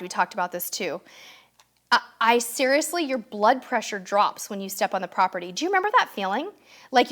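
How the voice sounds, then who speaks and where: Casting note: upbeat woman, thirties, live-stream host, voice sitting a little high. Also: a bit bright. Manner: chatty, upbeat, reads comments aloud. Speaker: host answering viewer questions. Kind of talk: casual live-stream chat.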